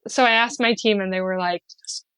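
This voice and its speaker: A woman guest on a podcast telling a personal story in an earnest, heartfelt way, sliding into lively acted-out quotes and laughs, with many fillers. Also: medium pitch, fast talker, smooth, no room sound. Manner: animated when acting out quotes, often laughing. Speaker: podcast guest, spiritual guide.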